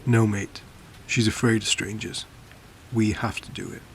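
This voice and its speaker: An eerie, insistent teenage boy with a quiet menace under his politeness, as a male narrator puts him on. The voice sits low with a gravelly rasp, pressing his demand over and over. Faint rain patters behind. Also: flat delivery, unhurried, slight background noise. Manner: pushy, insistent, faintly threatening.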